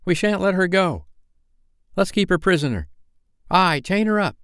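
A man's voice: high voice, sing-song, normal speed, fairly bright tone, clear, resonant tone, no echo, studio quality, voice pushed up. A man doing a panicky, threatening gang of boys. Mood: clamoring. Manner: threatening, clamoring.

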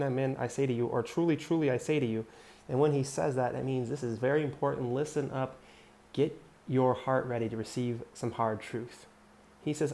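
Male preacher, gravelly and warm, earnest scripture teaching spoken direct to listeners. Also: mid-range voice.

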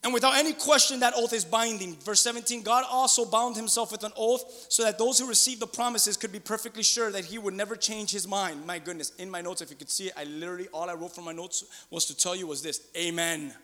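In a church sanctuary, a middle-aged pastor delivers a sermon in a high, bright voice, moving between loud exclamations and hushed asides while the hall's long reverb lingers behind him. He talks fast with a steady tone and barely pauses.

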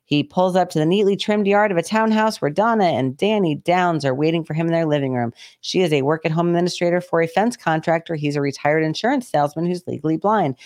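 A man's voice: fairly high pitch, fast talker, hardly any pauses, a little mellow, no echo, clean studio sound. A man co-hosting a podcast, reading a news article aloud and breaking off for sarcastic, profane asides. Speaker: podcast co-host.

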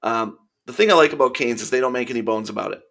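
A man's voice: mid-range voice, quick pace, fairly bright tone. A man chatting casually as a podcast guest, blunt and emphatic in his likes and dislikes. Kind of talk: casual chat.

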